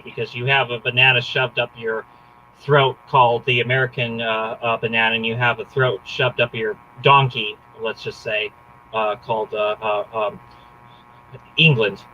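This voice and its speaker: Bright-voiced rambling podcast host man. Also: medium pitch, fairly even intonation, normal speed, highs cut off, slight background noise. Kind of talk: casual political chat.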